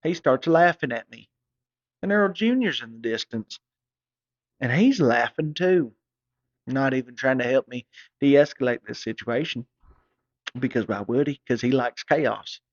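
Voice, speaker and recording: A man telling a crude comic story in a rambling, profane, excitable way. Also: medium pitch, measured pace, long pauses, no room sound. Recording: dull, dry recording.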